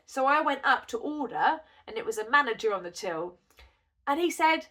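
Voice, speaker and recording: A woman's voice: a little high, sing-song, quick pace, fairly bright tone. A woman vlogger chatting casually and telling a rambling, giggly story, with a cough from a cold. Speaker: crochet vlogger.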